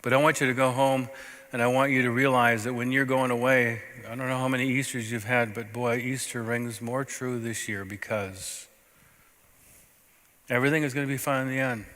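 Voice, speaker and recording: A man's voice: medium pitch, flat delivery, moderate pace. Male pastor preaching in a reverberant church. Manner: storytelling, conversational preaching with sudden loud and soft turns. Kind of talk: sermon. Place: church sanctuary. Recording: long reverb of a church sanctuary.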